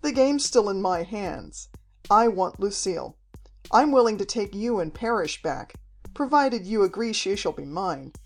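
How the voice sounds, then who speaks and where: A woman's voice: medium pitch, animated, unhurried. Woman doing a snarling male villain. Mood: menacing. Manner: snarling, mocking. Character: menacing desperate male villain, mocking.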